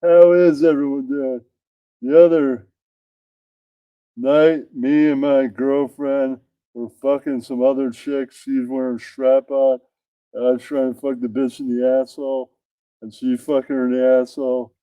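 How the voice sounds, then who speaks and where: A man's voice: medium pitch, level tone, a little slow, warm tone, clean tone, no room sound, clean studio sound. Profane man reading crude jokes. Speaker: comedian.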